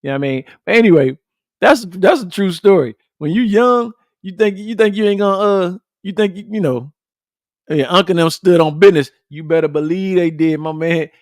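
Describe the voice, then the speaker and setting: A man hosting a podcast, chatting casually with his viewers in a blunt, profane, animated way and repeating his points for emphasis. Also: sits high, a little fast, dry recording, clean studio sound. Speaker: podcast host. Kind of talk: casual livestream chat with viewers.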